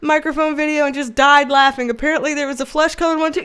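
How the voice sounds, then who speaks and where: A woman hosting a casual livestream with a nasal voice, talking loudly and bubbly, laughing often as she answers viewers. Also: sits high, steady tone, fast, few pauses. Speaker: tarot reader and livestream host. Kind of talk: casual livestream chat reading viewer comments.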